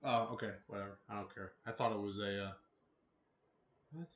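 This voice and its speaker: A man's voice: on the low side, fairly quick, fairly bright tone. A man hosts an easygoing sports news roundup. His delivery is loose and rambling, and his sentences wander through fillers and restarts. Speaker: host of a combat sports news show.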